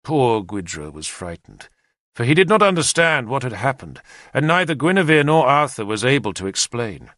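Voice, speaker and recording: Expressive male audiobook narrator, dry close sound. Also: mid-range voice, dry recording. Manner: measured, expressive first-person storytelling. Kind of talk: scripted narration of a historical novel.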